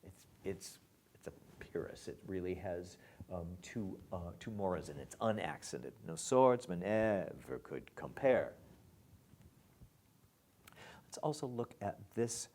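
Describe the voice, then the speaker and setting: A man teaching lyric writing in a recorded lesson, reading lines of verse aloud slowly and tapping out their stresses while he marks them up. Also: sits low.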